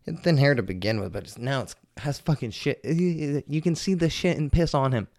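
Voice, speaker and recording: A man hosting a podcast, telling a casual story with constant swearing and animated retellings. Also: mid-range voice, a little fast, no echo, clean studio sound. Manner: profane, animated, heavy swearing. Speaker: podcast host.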